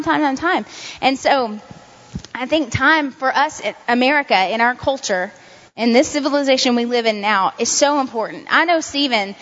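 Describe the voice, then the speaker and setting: A woman's voice: on the high side, a bit bright. A woman giving informal devotional teaching as a Christian speaker, talking in an earnest, repetitive, conversational way. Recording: dull sound in a reverberant hall.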